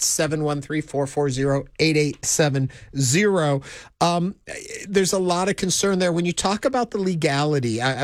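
Man, radio talk show host, slightly high voice, measured conversational delivery, dry close studio sound. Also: no room sound. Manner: measured, conversational, invites callers. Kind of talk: call-in talk radio discussion. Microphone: close studio mic.

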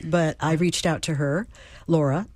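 Low-voiced woman voiceover artist, chatting. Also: steady tone, a little slow, a little mellow, no echo. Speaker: voiceover artist and podcaster, guest co-host. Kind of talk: casual radio chat. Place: radio studio.

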